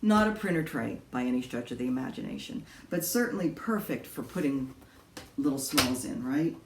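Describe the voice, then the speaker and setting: Brief: deep-voiced woman, crafting vlogger, rambling chat, faint hiss behind. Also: expressive, normal speed. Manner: chatty, rambling, many ums and laughs. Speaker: cross stitch vlogger. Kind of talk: casual chat to camera. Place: home in an apartment.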